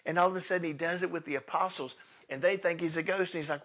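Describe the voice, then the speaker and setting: A man preaching a sermon in a casual, conversational way, swinging between loud bursts and hushed asides as he tells the story. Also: on the high side, steady tone, quick pace. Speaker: pastor.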